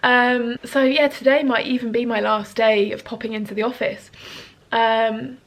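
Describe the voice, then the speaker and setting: A woman's voice: fairly high pitch, fairly even intonation, moderate pace. Chatty woman in her thirties. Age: 30s. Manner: earnest, chatty, rambling with fillers. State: emotional, sniffling. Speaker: vlogger. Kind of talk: casual chat to camera. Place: at home.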